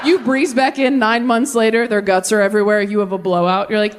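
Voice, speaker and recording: A young woman delivers a stand-up set on a stage mic, her mid-range voice wry and lively. She leaps into high squeaks for punchlines. A faint hiss runs under the live recording. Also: fairly quick, hardly any pauses. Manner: wry, animated delivery with sudden high-pitched bursts. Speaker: stand-up comedian. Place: comedy stage before a live audience.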